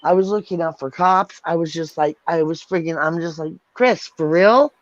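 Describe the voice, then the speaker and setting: A woman's voice: sits low, fairly even intonation, a little fast, no room sound. A woman hosting a livestream, ranting angrily and swearing, repeating herself as she vents. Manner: furious, profane, repetitive ranting. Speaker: channel host. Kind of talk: angry livestream rant. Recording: dull lo-fi dry sound.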